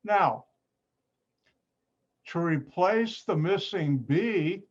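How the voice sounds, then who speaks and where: A man's voice: high voice, animated, very slow. A man, a chemistry professor, teaching an online class patiently, repeating points and adding playful asides. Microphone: computer mic on a video call. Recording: muffled lo-fi video call audio.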